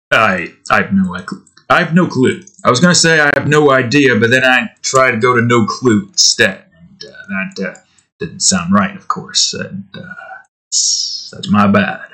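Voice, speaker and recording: Bright-voiced man rambling while drawing. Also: lowish voice. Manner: rambling, self-deprecating, restarting. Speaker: art channel host. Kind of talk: casual chat while drawing.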